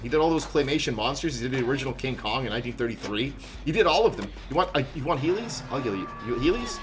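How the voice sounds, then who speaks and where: A man's voice: mid-range voice, noisy background. A man doing live gameplay commentary, joking and chatting with viewers in rambling asides. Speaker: game streamer.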